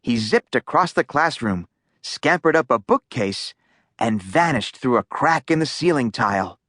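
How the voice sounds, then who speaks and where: A woman narrating a children's audiobook in a slow, lively storytelling voice. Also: a bass voice, dry recording, clean studio sound.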